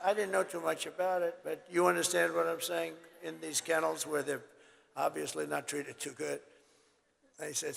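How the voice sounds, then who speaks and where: An older man giving a rambling, boastful campaign rally speech, his voice hoarse and worn, swinging between loud shouts and low asides. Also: steady tone, moderate pace. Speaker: political candidate at a rally. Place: large rally venue. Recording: reverberant hall with crowd and faint noise.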